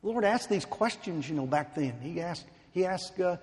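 A man preaching a sermon, slow and emphatic, building to fervent pleading. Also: on the high side, lively intonation, darkish tone. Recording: long hall reverb.

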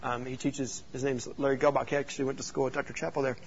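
A man, a youth pastor, teaching youth leaders through animated, joking stories and rhetorical questions. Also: medium pitch, fast, husky, lo-fi sound.

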